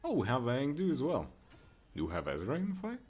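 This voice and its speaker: A man's voice: medium pitch, wildly swooping pitch, brisk, a little mellow, husky, soft background music. A young man joking crudely and rambling while he plays a game and answers chat. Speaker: streamer. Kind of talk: casual gameplay commentary with chat.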